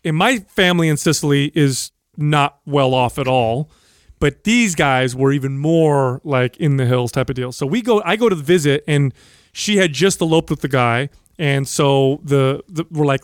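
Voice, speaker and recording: A man's voice: moderate pace, clear, resonant tone, no echo, clean studio sound. A man co-hosting a podcast, telling a long family story with lots of swearing and acting out the people he quotes. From USA. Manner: acts out quoted people with raised pitch, swears freely. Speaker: podcast co-host. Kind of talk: animated storytelling.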